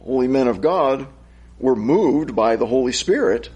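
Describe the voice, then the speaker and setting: A man teaching a Bible study, reading scripture slowly and solemnly, then thinking aloud and asking rhetorical questions. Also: mid-range voice, animated, darkish tone, husky, dull audio.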